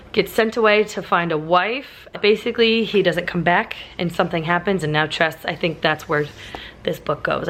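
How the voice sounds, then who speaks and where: Young woman w a raspy sick voice rambling abt her books, lowish pitch, bit of faint hiss behind. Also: fairly bright tone. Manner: chatty, lots of "like" and "um" fillers. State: raspy voice from laryngitis and sinus infection. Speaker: book vlogger. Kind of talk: casual reading vlog chat.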